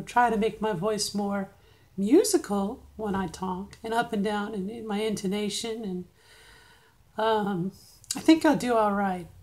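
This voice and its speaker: A middle-aged woman recording a casual video diary in a practised, higher register. She speaks haltingly, with frequent pauses and fillers, at an ordinary mid pitch. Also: darkish tone, rough recording. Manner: hesitant, halting, full of fillers. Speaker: video diarist.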